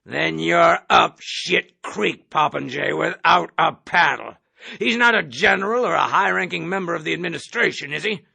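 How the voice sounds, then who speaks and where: A man's voice: a little high, moderate pace, creaky, bright, forceful tone, husky, heavily acted. A man voicing a blustering, bullying army major who barks and sneers through an interrogation.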